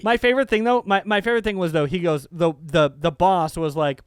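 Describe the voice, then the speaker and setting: High-voiced, animated podcast co-host man. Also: a little fast, clear, resonant tone. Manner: animated, profane, jokey impressions. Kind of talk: casual chat.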